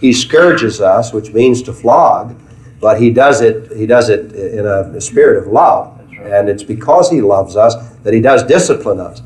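A man's voice: fairly low pitch, lively intonation, unhurried, a little mellow. A man leading a Bible study in an earnest preaching style, often repeating phrases as he finds his words. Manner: earnest, repeats himself while searching for words. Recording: echoey room, mic at a distance.

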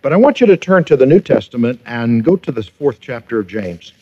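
A man's voice: medium pitch, sing-song, fairly quick, slightly rough. A pastor in his fifties preaching a sermon, emphatic, with rhetorical questions and repeated phrases. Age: 50s. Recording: dull lo-fi sermon recording.

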